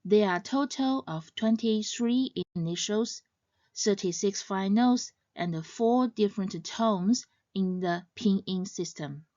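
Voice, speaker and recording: A woman giving a scripted educational narration as a language teacher, in a measured, clearly explaining way. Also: mid-range voice, mellow, dry recording, lo-fi sound.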